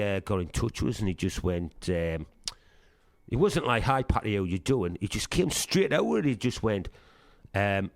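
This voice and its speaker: Swearing freely and acting out the lines he quotes, a middle-aged punk band singer from Sunderland, England, shares lively anecdotes as a casual interview guest. His Northeast English accent comes through in a voice on the low side, with no room sound.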